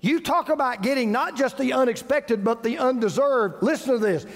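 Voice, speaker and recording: High lively-voiced preacher in a big hall. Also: male voice. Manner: preaching with dramatic pauses and repetition. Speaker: pastor. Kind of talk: sermon.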